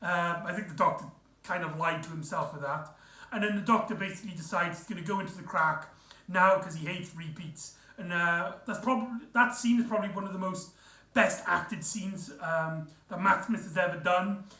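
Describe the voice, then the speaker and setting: A man's voice: sits high, normal speed, pushed and bright. A man recapping an episode in a casual, rambling way, full of fillers and restarts. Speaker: reviewer. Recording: echoey room, off-mic.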